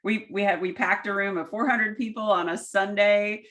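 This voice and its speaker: A woman hosting a casual interview, chatty and eager, with quick affirmations for her guest. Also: mid-range voice, steady tone, fairly bright tone. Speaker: podcast host.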